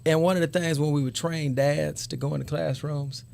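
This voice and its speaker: A man's voice: on the high side, steady tone, fairly quick, gravelly, darkish tone, slight background noise. A middle-aged man, a guest author, answering interview questions in a loose, rambling way and repeating words as he thinks. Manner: rambling, repeats words while searching for thoughts.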